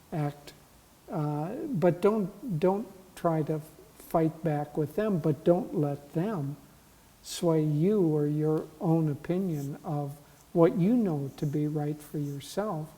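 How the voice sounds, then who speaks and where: A man serving as a spiritual teacher, giving calm, gentle advice in a talk. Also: fairly high pitch. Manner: slow, calm, gentle counsel. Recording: long hall reverb.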